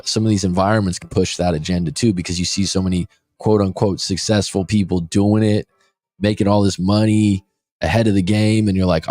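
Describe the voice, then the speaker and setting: A man's voice: lowish voice, dark tone, no room sound. A man in his forties, a life coach hosting a show, talking casually and bluntly, swearing freely. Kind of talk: casual podcast talk.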